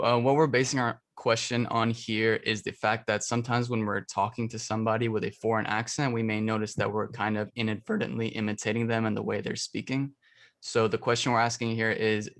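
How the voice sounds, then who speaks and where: A young man presents his undergraduate research in a low, steady voice. He explains each point with frequent fillers and circles back to restate his main question. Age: young adult. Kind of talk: academic presentation. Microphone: computer mic for an online presentation.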